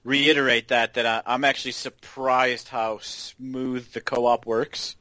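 A man's voice: medium pitch, level tone, measured pace, sharp tone, no room sound. A man co-hosting a podcast, chatting about video games in an easygoing, agreeable way, often repeating his words. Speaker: podcast co-host.

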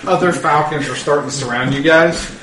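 A man's voice: a little high, fairly quick, sharp tone. A man narrating as game master of a tabletop game, laughing often and describing scenes. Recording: echoey room with faint noise.

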